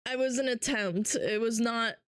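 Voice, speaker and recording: A woman streamer chatting playfully and excitably with her chat. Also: a little high, normal speed, clear, resonant tone, no room sound, clean studio sound. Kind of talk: casual livestream chat.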